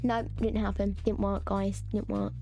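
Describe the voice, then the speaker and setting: A woman's voice: mid-range voice, level tone, normal speed, mellow, soft background music. A woman chatting casually and rambling while she streams a game. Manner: chatty, rambling, self-mocking.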